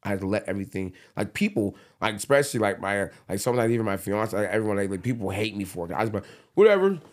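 A man, a fighter, telling stories as a podcast guest in a casual, animated way, with lots of fillers and swearing. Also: fairly low pitch, rapid-fire. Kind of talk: casual storytelling.

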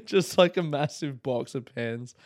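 A man's voice: mid-range voice, unhurried, a little mellow, dry recording, clean studio sound. A young Australian man hosting a casual solo podcast, rambling upbeat and swearing freely. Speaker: podcast host.

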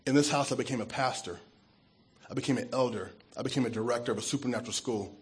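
A pastor sharing his testimony in an earnest, emotional sermon. His voice is very husky and raspy, sitting at an ordinary male pitch. He drops to a soft hush when he is moved. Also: fast.

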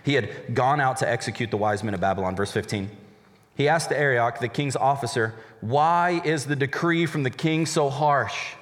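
A man's voice: mid-range voice, moderate pace. Man preaching in a reverberant hall. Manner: animated, voices characters in casual paraphrase. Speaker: college pastor. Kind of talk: sermon with acted paraphrases.

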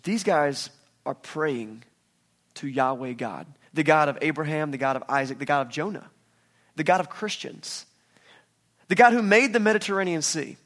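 A man preaching a casual sermon, lively and animated, acting out the voices of the people in the story. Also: on the high side, moderate pace. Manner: animated, acts out quoted voices. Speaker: pastor.

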